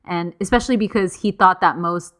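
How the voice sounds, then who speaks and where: A woman with a slightly low voice narrates a story in loose podcast chat. She acts out the quotes in quick, playful voices and keeps the tone casual and conversational. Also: a bit bright. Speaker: podcast co-host.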